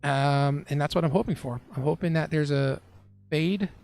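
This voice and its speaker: A man's voice: fairly high pitch, moderate pace, creaky, darkish tone. A young man who trades live on a stream, chatting casually with his chat and laughing often.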